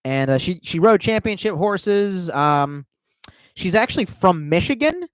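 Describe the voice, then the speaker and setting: Young guy ranting a crude story on stream, voice jumps all over, pretty high. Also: a little slow, dry recording. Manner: rambling, profane, animated storytelling. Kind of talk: casual storytelling monologue.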